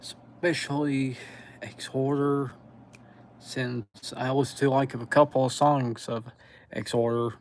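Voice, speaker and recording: A man with a Southern US accent chatting on a live stream, pausing often as he recalls band names. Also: mid-range voice, little pitch movement, a little hiss or hum. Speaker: metal music streamer. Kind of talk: casual live stream chat.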